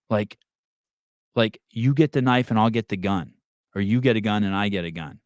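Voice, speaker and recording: A man's voice: fairly low pitch, moderate pace, dry recording, clean studio sound. A man hosting a podcast, ranting in casual talk and swearing constantly. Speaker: podcast host. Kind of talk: profane casual podcast rant.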